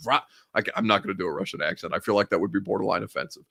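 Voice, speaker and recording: A man's voice: lowish voice, fast talker, gravelly, fairly bright tone. A young man hosting a live sports show, chatting casually, rambling, laughing often and poking fun at himself.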